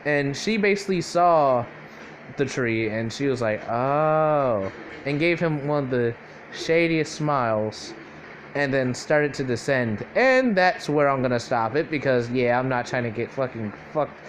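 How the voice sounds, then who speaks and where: A man's voice: mid-range voice, animated, unhurried, slight background noise. A young man casually improvising a fan-fiction story aloud, rambling and profane, full of fillers and self-corrections.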